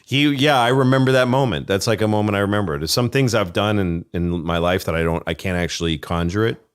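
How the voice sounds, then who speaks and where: Middle-aged male comedian, low voice, loose profane storyteller who plays out every quote. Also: fast, smooth. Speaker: comedian guest. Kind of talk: casual chat.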